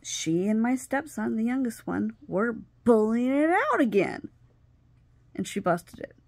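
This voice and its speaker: A middle-aged woman with a gravelly edge tells a personal story straight to camera. She is animated, plays out the lines of the people she quotes, and sometimes sinks to a near whisper. The sound is close and dry, with no room around it. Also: on the high side, measured pace, dry recording. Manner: animated, acts out quoted dialogue, drops to whispers. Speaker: vlogger.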